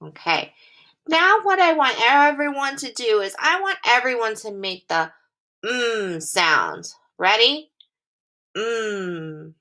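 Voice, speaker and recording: A woman teacher giving a phonics lesson to young children, speaking slowly and clearly in a sing-song way. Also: on the high side, animated, bright, forceful tone.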